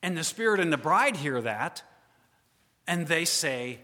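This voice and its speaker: A man preaching a sermon, asking the congregation rhetorical questions, rising to loud emphasis and then dropping to quiet asides. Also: on the high side, sing-song, unhurried, long pauses. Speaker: pastor. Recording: long hall reverb.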